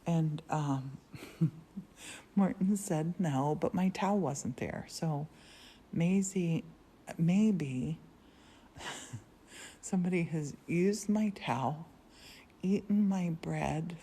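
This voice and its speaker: A woman hosting a casual live stream, telling rambling stories with frequent laughs from a quiet converted church studio. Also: low-pitched, very slow, long pauses, breathy edge. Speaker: livestream host. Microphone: phone livestream.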